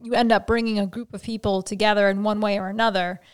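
A woman's voice: mid-range voice, flat delivery, quick pace, clean tone. A woman podcast host interviewing a guest, asking probing questions and rephrasing them as she goes.

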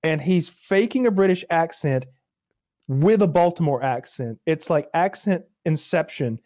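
Guy on a podcast, kinda high mellow voice, dry sound, keeps hammering his point. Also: lively intonation, a little slow, no echo. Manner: emphatic, repeats his point. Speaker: podcast co-host. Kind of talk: casual chat.

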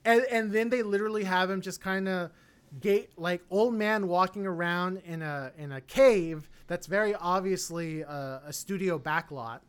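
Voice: mid-range voice, moderate pace, smooth. Blunt, rambling podcast co-host. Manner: rambling, many fillers and restarts; opinionated, blunt. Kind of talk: casual film review chat.

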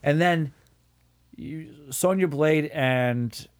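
Guy on a movie podcast, slightly higher voice, easygoing, walks through the scenes. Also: drawn-out words. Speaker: podcast co-host. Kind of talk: casual movie review chat.

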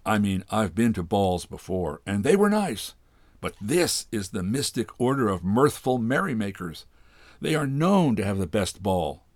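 A man's voice: on the low side, big pitch swings, a little slow, no room sound, clean studio sound. A man voicing a nosy, chattering society woman in a storybook reading, gushing and eager.

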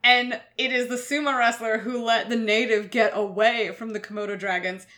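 A woman's voice: a little high, fairly even intonation, normal speed, bright, forceful tone. A woman co-hosting a casual chat, animatedly retelling scenes and swearing often. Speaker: podcast co-host.

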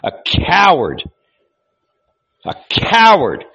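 A man's voice: mid-range voice, animated, takes it slowly, fairly bright tone, highs cut off. A man reading aloud, voicing a fierce red-bearded zealot who bellows and scorns. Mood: raging scorn.

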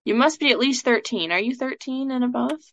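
A woman's voice: on the high side, brisk, a bit bright. A woman coaching a student through a live session, chatty and casual, with plenty of "like" and "um". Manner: chatty, fills speech with "like" and "um". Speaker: scholarship coach. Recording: dull lo-fi sound.

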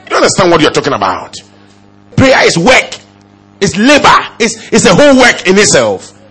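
A man preaching with a husky, slightly raised voice that leaps all over its range. He hammers home points with rhetorical questions, dropping to a murmur and then surging loud again. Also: huge pitch swings, moderate pace. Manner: emphatic, rhetorical questions, swings from low murmurs to loud exclamations. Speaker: pastor. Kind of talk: sermon.

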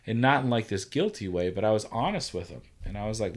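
A man hosting a casual talk, telling a story in an animated way, acting out the quotes and swearing freely. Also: low-pitched, brisk, few pauses. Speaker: podcast host. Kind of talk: casual conversation.

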